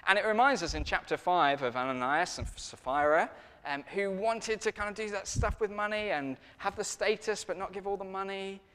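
A man preaching a sermon in a lively, conversational storytelling way. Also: high-pitched, moderate pace, clear, resonant tone, big-room sound.

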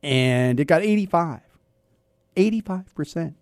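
Speaking unhurriedly yet animated, a fifties-aged radio host with a darkish voice on the high side chats wryly and rambles, cutting himself off to start sentences over. There's some scratchiness in his throat. His studio microphone gives a close, dry sound.

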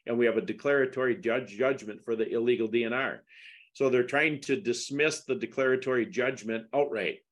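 A man's voice: medium pitch, a little fast. A middle-aged man talking through a legal case in a casual interview, emphatic and turning to indignant questions. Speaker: podcast guest discussing a lawsuit.

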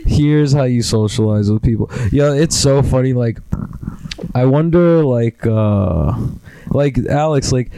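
A man's voice: mid-range voice, measured pace, creaky, warm tone, clear, resonant tone, poor audio. A young man hosting a casual chat with friends, laughing often and rambling with lots of fillers.

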